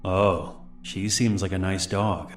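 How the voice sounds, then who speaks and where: A creepy young male stranger from a narrated horror story, speaking quietly and low, with a friendliness that never reaches his words, as a male narrator puts him on. The voice sits deep and hushed. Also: slow pace, reverberant, soft background music. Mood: falsely friendly. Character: creepy smooth-talking young man stranger.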